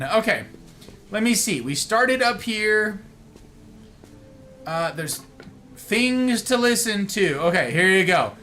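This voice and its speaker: A man's voice: fairly high pitch, animated, a little slow, bright, forceful tone, a little hiss or hum. A man streaming a video game, joking playfully with his chat and putting on silly voices. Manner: playful, goofy, jokey voices. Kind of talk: live game commentary.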